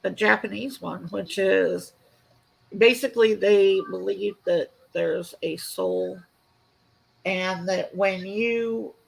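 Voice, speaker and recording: A woman co-hosting a casual online chat show, talking in a relaxed, somewhat hesitant way. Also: medium pitch, takes it slowly, gravelly, low-quality recording. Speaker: co-host.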